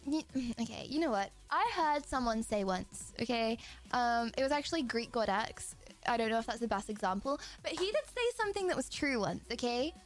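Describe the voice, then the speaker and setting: A woman's voice: fairly high pitch, big pitch swings, fairly quick. A young woman in her twenties with an English accent, a streamer rambling and giggling as she chats casually with viewers. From England. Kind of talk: casual live-stream chat. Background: quiet music.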